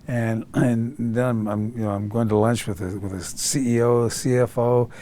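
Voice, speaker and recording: A man's voice: mid-range voice, moderate pace. Older man telling stories animatedly. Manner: animated, acts out quoted voices. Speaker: guest. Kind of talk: storytelling interview.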